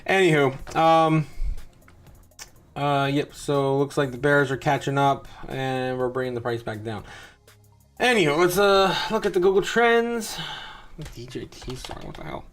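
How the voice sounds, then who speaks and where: Host, male, slightly higher-pitched voice, casual rambling chart commentary with wry asides, faint music under him. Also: measured pace. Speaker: crypto show host.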